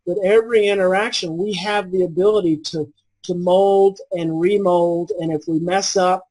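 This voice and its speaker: A man in his forties, a parenting expert guest, explaining in a calm, earnest way and repeating his key phrases. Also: high voice, moderate pace, breathy edge, rough recording. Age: 40s. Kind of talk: conversational explaining.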